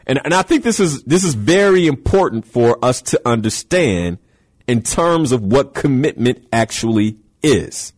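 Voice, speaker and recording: Man, motivational host, emphatic, rhetorical questions, slightly husky voice. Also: mid-range voice, lively intonation, a little slow. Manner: emphatic, repeats key words, rhetorical questions. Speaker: show host giving motivational talk. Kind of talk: motivational talk.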